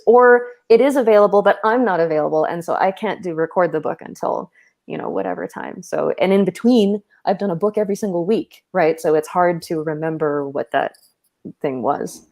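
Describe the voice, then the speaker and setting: A woman's voice: mid-range voice, moderate pace, darkish tone. A woman audiobook narrator on a panel, explaining her process earnestly with many fillers over a video call. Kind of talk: casual panel talk.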